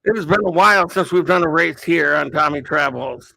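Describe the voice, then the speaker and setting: A man hosts a casual livestream, greeting viewers by name, thinking aloud, and calling a mock race. His voice is a little high, fairly quick, gravelly, pushed and bright, with no echo.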